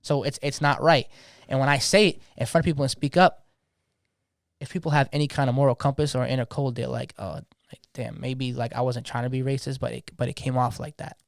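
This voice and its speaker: A man's voice: medium pitch, steady tone, brisk, creaky, no room sound, studio quality. A young man, talking passionately in a slangy, casual podcast conversation, often repeating words as he gets going. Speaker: DJ guest.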